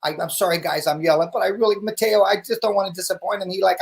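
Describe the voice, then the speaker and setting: A man's voice: high voice, fairly even intonation, fast, gravelly. A middle-aged man hosting a hair education livestream, enthusiastically thanking viewers and calling out to his family off camera. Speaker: hair education show host. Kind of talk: livestream closing address to viewers.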